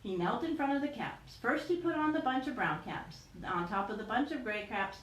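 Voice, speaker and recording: A woman, a teacher, reading a picture book aloud with animated storytelling. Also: a little high, moderate pace. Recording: roomy echo with faint noise.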